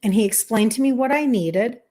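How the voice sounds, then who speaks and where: A woman's voice: fairly high pitch, fairly quick, mellow. A woman in her fifties, a health coach, talking to viewers in a chatty, emphatic way and laughing often. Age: 50s. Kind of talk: casual monologue to viewers.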